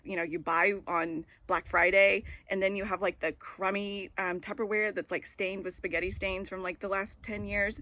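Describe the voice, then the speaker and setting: A woman's voice: medium pitch, fairly bright tone, slight background noise. A woman in her forties giving a casual devotional talk. She tells a personal story in a rambling way with many filler words. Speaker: devotional speaker.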